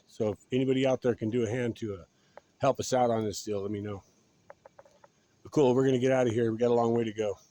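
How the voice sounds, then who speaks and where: Beside a road, a channel host records a casual outdoor vlog, out of breath and rambling. He fills pauses with "uh" and "so" in a mellow, medium-pitched voice.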